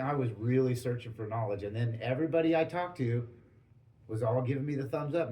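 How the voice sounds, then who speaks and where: A man hosting a podcast, telling stories in a rambling, animated way full of restarts and acted-out quotes. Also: mid-range voice, fairly quick, poor audio. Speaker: podcast host. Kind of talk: casual storytelling chat.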